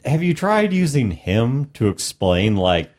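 A man co-hosting a podcast in relaxed casual chat, asking short questions. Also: mid-range voice, a little slow.

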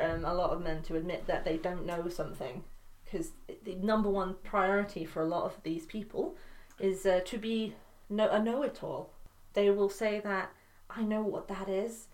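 A woman with a Northern English accent co-hosting a podcast, giving blunt, emphatic opinions in casual chat. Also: medium pitch. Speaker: podcast co-host.

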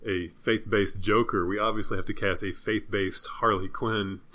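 A man in his forties, a podcast guest in casual chat, wry and lively. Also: lowish voice, normal speed.

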